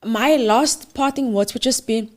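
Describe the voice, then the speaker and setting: A middle-aged woman with a Cape Flats South African accent, a guest telling stories in a casual interview and mixing English with Afrikaans. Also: fairly high pitch, unhurried. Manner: animated, mixes English and Afrikaans. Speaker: guest, theatre producer.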